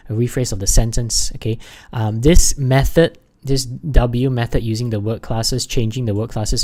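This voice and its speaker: A man teaching an English exam lesson over slides, halting often with fillers and restarts, and leaning hard on key words. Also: mid-range voice, a little mellow. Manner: stresses key words by raising his voice.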